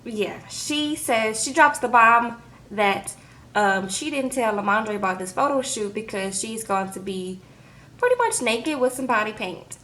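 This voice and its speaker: A woman recapping a reality TV episode in a casual vlog, talking in an animated, sassy way, acting out quotes and tagging her lines with "okay?". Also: on the high side, unhurried.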